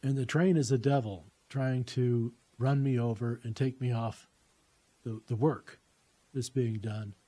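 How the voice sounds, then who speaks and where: Speaking a little slowly in a steady, dark, mid-range voice, a middle-aged man recounts his own journey of faith. It's earnest, plain conversational storytelling, peppered with offhand swearing.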